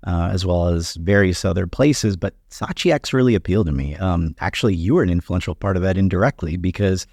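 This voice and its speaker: Low-voiced measured man in his thirties. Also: a little mellow, dry recording, clean studio sound. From United States, Honduran parents. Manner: measured, articulate, frequent "um" openers. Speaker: guest, company CEO. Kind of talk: conversational interview answers.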